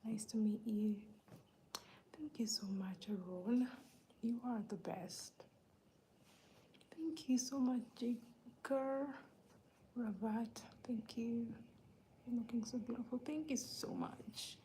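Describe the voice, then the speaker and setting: A woman from Uganda hosting a live stream, greeting viewers one by one in a soft, laid-back, whispery way while feeling under the weather. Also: a little high, slow pace, long pauses, a little hiss or hum, low-quality recording. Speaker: livestream host greeting viewers.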